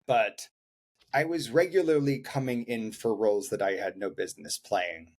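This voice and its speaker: A man and actor co-hosting a podcast, telling a story in an animated, playful way. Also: on the low side, normal speed. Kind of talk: casual storytelling chat.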